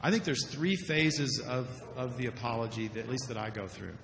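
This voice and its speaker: A man's voice: mid-range voice, fairly quick, a bit bright. Man lecturing in an echoey hall. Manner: earnest, repeats words when stressing points. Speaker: surgeon giving a lecture. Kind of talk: conference talk with videos.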